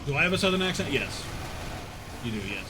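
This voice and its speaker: A man's voice: on the high side, big pitch swings, fast, noisy background. A man streaming, chatting casually with his viewers, rambling and swearing with frequent laughs. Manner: chats with unheard viewers, reads chat.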